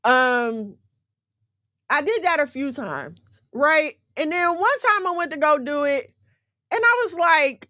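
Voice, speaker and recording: A woman's voice: high voice, expressive, slow, bright, forceful tone, no room sound. Emphatic woman giving blunt advice. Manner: emphatic, repeatedly checking in with listeners. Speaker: livestream host giving relationship advice. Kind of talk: casual advice talk to viewers.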